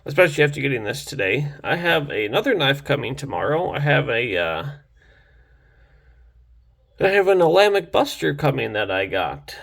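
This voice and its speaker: Gravelly, excitable young man reviewing knives. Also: mid-range voice, normal speed. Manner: enthusiastic, rambling, many restarts and fillers. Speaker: knife reviewer. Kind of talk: casual unboxing vlog.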